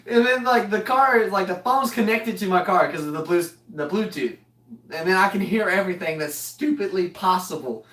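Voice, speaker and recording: A man's voice: high-pitched, fairly bright tone. A young man telling a rambling, joking story as a vlogger, often breaking into laughter. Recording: roomy, voice distant from mic.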